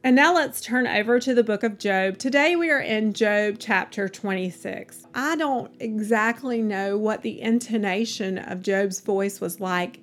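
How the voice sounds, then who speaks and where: A woman giving a devotional Bible reading, reading in a measured, unhurried way with brief reflections between passages. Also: medium pitch. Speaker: scripture reader.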